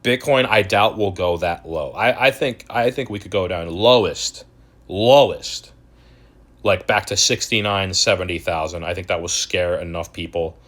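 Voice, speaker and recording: A man's voice: sits low, moderate pace, fairly bright tone. A young man hosting a crypto channel, ranting in a profane, exasperated and mocking way. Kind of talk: ranting video commentary.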